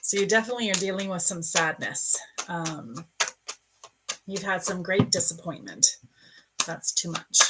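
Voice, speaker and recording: A woman's voice: lowish voice, normal speed, heavy background noise. A middle-aged woman psychic reading for viewers on a live stream, soothing and calling them dear and love. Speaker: psychic reader.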